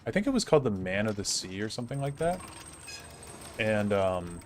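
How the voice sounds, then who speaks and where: Male streamer, 30s, low register, halting casual delivery. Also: very animated, slight background noise. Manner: rambling, halting, many fillers and restarts. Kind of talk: casual storytelling while gaming.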